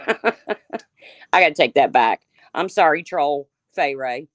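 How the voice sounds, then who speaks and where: A woman's voice: low-pitched, slow, no echo, studio quality. A woman hosting a livestream, ranting heatedly with lots of swearing and calling out chat viewers by name. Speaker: livestream host.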